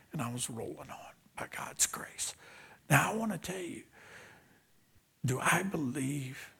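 An older man from southeastern Louisiana, a pastor telling stories in a sermon, animated and dropping into hushed whispers for emphasis. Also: mid-range voice, creaky, slightly rough. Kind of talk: storytelling sermon.

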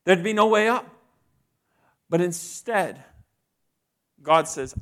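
This preacher, a man with a high-pitched, animated, fairly bright voice, speaks at a slow pace. His sermon is conversational, peppered with questions to the congregation.

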